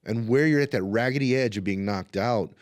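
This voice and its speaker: In a casual interview, a martial arts instructor animatedly spins stories, voicing the characters as he quotes them. He speaks briskly in a mid-range voice.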